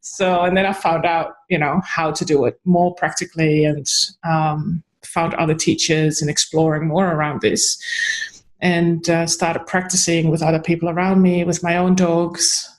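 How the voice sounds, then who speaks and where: Woman guest on a podcast, animated storyteller, quick to laugh. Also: low voice, rough recording. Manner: animated, laughs often while telling a story. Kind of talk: conversational storytelling.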